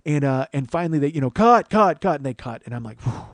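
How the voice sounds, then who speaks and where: A man's voice: medium pitch, racing, dark tone, no room sound. A man hosting his own podcast, telling a long comic story in a rambling, profane, self-mocking way. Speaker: comedian podcast host. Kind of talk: solo storytelling monologue.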